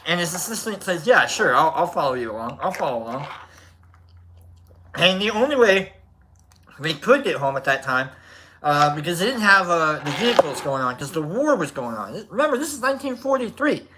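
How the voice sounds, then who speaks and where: A man's voice: fairly high pitch, very animated, moderate pace, pushed and bright, a little hiss or hum. A man hosting a livestream who tells a rambling, casual story, swearing freely and restarting his sentences often. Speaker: livestream host.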